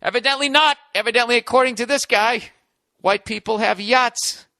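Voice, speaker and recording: A man's voice: very high-pitched, normal speed, sharp tone, no room sound, clean studio sound. Sarcastic American man ranting on a podcast. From United States. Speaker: podcast host. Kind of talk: comedic podcast monologue.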